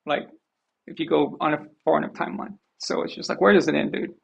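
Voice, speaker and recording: A man's voice: on the high side, steady tone, fast talker, gravelly, slightly rough, muffled recording. An American man hosting a live show, talking bluntly in a rambling, casual rant that repeats and restarts. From United States. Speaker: host of a sports live show.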